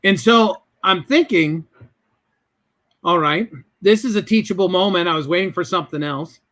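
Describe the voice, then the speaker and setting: High, bright-voiced man telling a lively story. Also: moderate pace. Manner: animated, acts out both sides of conversations. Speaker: guest. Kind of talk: storytelling in a business interview.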